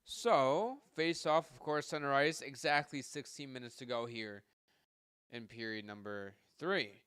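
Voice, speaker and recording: A man giving live hockey play-by-play from home, rattling off passes and shots and getting louder on goals, with casual asides to his listeners. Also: mid-range voice, unhurried, clean tone, no echo, studio quality. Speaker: podcast host doing live play-by-play.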